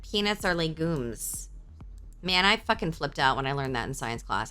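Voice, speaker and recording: A woman streamer in casual live-stream chat, swearing freely and answering her chat aloud with excitable reactions. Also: sits low, normal speed.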